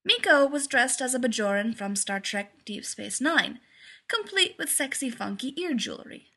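A woman narrating a fan fiction story aloud in a lively, amused way. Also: on the high side, normal speed, husky.

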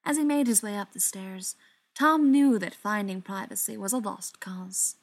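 A woman reads a novel aloud in an even, mid-pitched voice. Her delivery is steady and dramatic, and some quieter passages sink to a near whisper. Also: normal speed, gravelly. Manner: steady, dramatic reading with soft, hushed passages. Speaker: narrator. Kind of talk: audiobook narration.

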